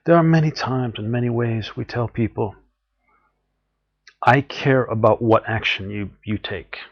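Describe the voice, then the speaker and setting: A man's voice: medium pitch, measured pace, lo-fi sound. A man giving an earnest, encouraging spiritual talk, often acting out what people say. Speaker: spiritual teacher.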